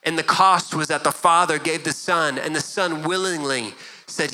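A pastor in middle age delivers a sermon in a very bright, ringing voice. He talks earnestly and conversationally, often doubling back on his words, and his pitch sits a little high for a man. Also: moderate pace, low-quality recording.

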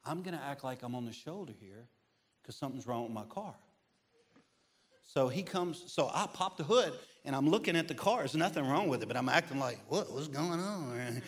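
Speaking a little fast and with animation, a middle-aged guest pastor preaches in church. His humorous personal stories come with wide shifts in pitch and volume.

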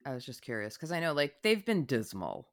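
A woman co-hosting a casual chat, asking curious questions with halting restarts. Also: a bass voice, big pitch swings. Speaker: co-host.

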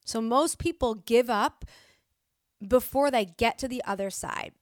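A woman with a fairly high-pitched voice hosts a solo motivational podcast at a measured pace, recorded in clean studio sound with no room sound. She's candid and emphatic, cursing at times and restarting her sentences.

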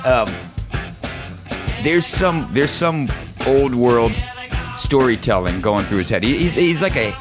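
A man's voice: mid-range voice, sing-song, extremely slow, pauses often. Rambling man hosting over music. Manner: rambling, searching for words with many fillers. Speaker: podcast host. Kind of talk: casual music podcast chat. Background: album music playing.

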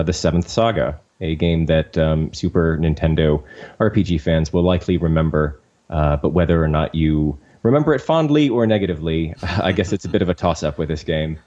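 A man hosting a casual podcast chat, relaxed and full of hesitant fillers. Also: low-pitched, muffled recording. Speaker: podcast host.

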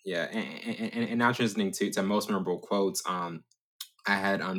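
Man, very low voice, bright edge, hosting, stammers, casual chat. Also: fairly even intonation, fairly quick. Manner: stammers and restarts, reads out quotes, asks guest questions. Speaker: podcast host. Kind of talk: casual film discussion.

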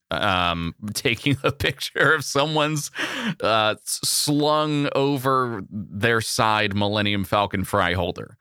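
A man co-hosting a casual podcast, talking playfully with quick asides. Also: fairly low pitch, pushed and bright, clean tone, dry recording, studio quality. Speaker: podcast co-host.

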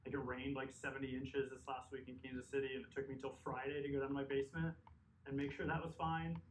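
A man's voice: mid-range voice, little pitch movement, fast, a little hiss or hum. Earnest preaching man in an echoey hall. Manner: earnest, emphatic, conversational preaching with asides. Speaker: pastor. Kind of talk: sermon. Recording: echoey hall mic from a distance.

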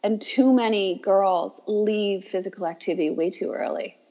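A woman's voice: mid-range voice, normal speed, warm tone. A woman, a teacher, talking reflectively with hesitant restarts. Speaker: teacher and guest. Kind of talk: reflective conversation. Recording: dull, muffled audio.

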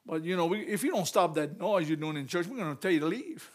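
Dude playing strict church elders, quiet scolding, highish voice. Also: male voice, expressive, fast talker. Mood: stern. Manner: disapproving, hushed scolding. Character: stern group of church elders.

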